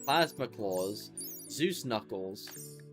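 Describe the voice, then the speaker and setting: Drawing out his words in a lowish, expressive voice, a tired man yawns through a game stream with faint music in the background. He reads out menu items and rambles offhandedly in casual gameplay commentary.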